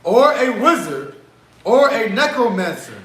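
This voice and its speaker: A man's voice: high-pitched, sing-song, a little slow, a bit bright. A man in a study group hesitantly reading definitions aloud. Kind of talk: reading dictionary entries aloud. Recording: echoey room, far from mic, faint noise.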